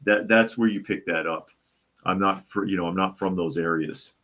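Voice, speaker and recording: Deep-voiced man hosting a casual talk. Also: normal speed, sharp tone. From Boston area. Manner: conversational, restarts and repeats phrases. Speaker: live show host reading viewer comments.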